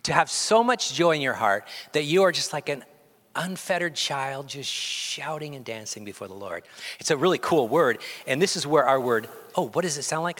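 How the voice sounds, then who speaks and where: A male pastor delivering a lively sermon in a church sanctuary, joking with the crowd and getting them to repeat words back. His voice sits at an ordinary middle pitch. A long hall reverb trails behind every line. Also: moderate pace. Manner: animated, joking, leads call-and-response with the congregation.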